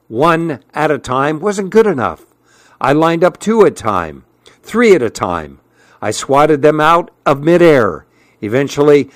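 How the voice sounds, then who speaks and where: Slow, measured man reading aloud. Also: mid-range voice, dry recording. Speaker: host reading a novel aloud.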